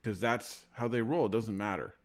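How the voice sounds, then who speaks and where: A man's voice: on the low side, normal speed. A man co-hosting a casual podcast chat, argumentative and incredulous as he makes his points. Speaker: podcast co-host.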